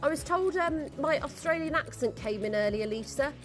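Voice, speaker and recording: A woman presenting on a live shopping channel, gushing and excitable as she sells jewellery and home goods from a studio. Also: high-pitched, moderate pace, soft background music. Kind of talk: live selling pitch.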